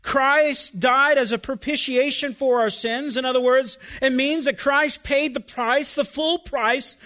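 High-voiced, bright-toned preaching man. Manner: emphatic preaching with rhetorical questions to the congregation; drops to quiet, slow phrases then rises again. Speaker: pastor. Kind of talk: sermon.

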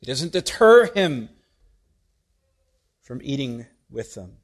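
A man preaching a sermon, reading scripture and asking his congregation rhetorical questions with wide swings in loudness. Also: mid-range voice, very animated, slow pace.

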